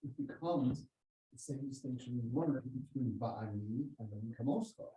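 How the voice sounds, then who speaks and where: A man's voice: medium pitch, mellow, echoey room, slight background noise, poor audio. A man in the class asking a question and thinking it through aloud. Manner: thinks aloud in halting, unfinished phrases. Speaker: student in the class.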